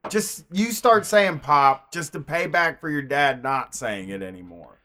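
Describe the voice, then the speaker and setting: A man with an Ohio accent co-hosting a radio show, blunt and quick to swear. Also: fairly high pitch, expressive, bright, forceful tone. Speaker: radio host. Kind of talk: casual radio banter.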